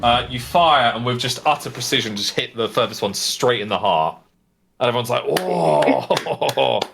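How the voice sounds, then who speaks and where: A man's voice: mid-range voice, a little fast, background noise. A man narrating as game master of a tabletop game, in a casual, rambling way full of fillers.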